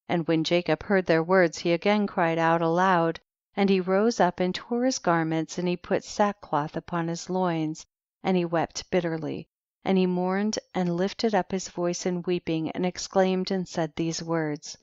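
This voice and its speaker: A woman reading an audiobook in measured, even scripted narration. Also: lowish voice, smooth, no room sound. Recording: dry, slightly muffled recording.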